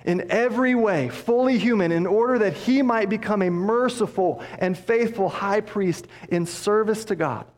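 A man preaching a sermon as pastor, passionate, dropping low and soft for emphasis. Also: normal speed, hardly any pauses. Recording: long hall reverb.

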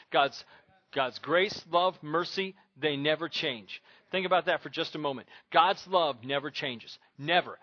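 Emphatic preaching man, bright and muffled. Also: on the high side, no echo. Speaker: pastor. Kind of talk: sermon.

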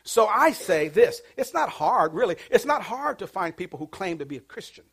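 Male pastor, high voice, sermon with call-and-response, soft passages building to shouted peaks. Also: sing-song, normal speed, slightly rough. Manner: swings from hushed to shouting, call-and-response preaching. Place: church.

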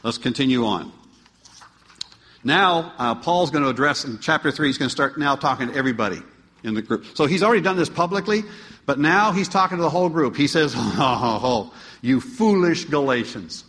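Guy preaching a sermon, kinda high voice, lots of hall echo, asks the crowd stuff. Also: animated, brisk. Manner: rising to emphatic, pleading peaks then dropping quiet; asks the congregation rhetorical questions. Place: church. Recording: long hall reverb.

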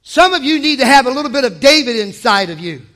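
High-voiced, bright, shouting preacher man. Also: expressive, fast talker. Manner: shouting declarations, swinging from hushed to loud. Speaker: pastor. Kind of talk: energetic sermon.

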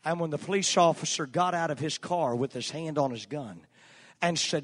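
A man preaching a sermon, telling a personal story in a folksy, earnest way with filler pauses. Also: a little high. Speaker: pastor. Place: church sanctuary. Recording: long church hall reverb, faint music.

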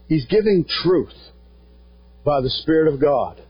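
A pastor preaching a sermon, earnest and plain-spoken, quoting scripture along the way. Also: male voice, a little high, sing-song, unhurried, pauses often, breathy edge, soft background music. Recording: dull lo-fi sound.

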